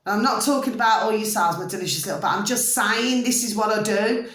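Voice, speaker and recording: A woman's voice: mid-range voice, fast talker, a bit bright, echoey room. A middle-aged woman in a rambling casual monologue to her viewers at home, often asking if they see what she means. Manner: rambling, repeatedly asks "do you see what I mean". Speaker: vlogger.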